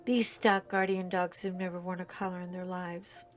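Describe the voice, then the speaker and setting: A woman chatting casually while she crafts, telling a long story in a rambling, animated way, full of fillers and restarts. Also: fairly low pitch, normal speed, faint music behind. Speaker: crafting channel host.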